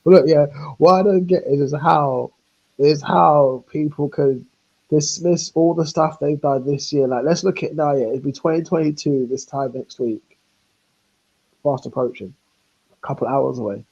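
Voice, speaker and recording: A man's voice: on the high side, moderate pace, gravelly, mellow. A man on a live stream, ranting heatedly, laughing often and acting out quoted exchanges. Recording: lo-fi online stream audio.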